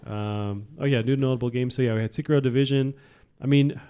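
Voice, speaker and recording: A young man co-hosting a podcast, chatting casually and hesitantly with many pauses and restarts. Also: medium pitch, fairly even intonation, mellow, smooth. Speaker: podcast co-host. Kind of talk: casual chat about video games.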